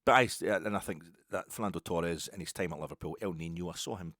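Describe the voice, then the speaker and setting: A man with a deep voice talks on his own podcast in a loose, digressive way. He drifts from one tangent to another. The sound is dry and close. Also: fast talker, a bit bright, dry recording. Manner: rambling, digressive football chat. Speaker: podcast host. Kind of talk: solo podcast monologue.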